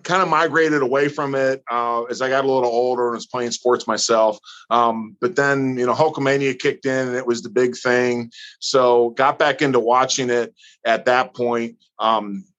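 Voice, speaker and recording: Bright-voiced man telling stories. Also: mid-range voice, moderate pace, lo-fi sound. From northern Missouri, US. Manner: animated storyteller, acts out others. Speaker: guest. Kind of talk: casual storytelling interview.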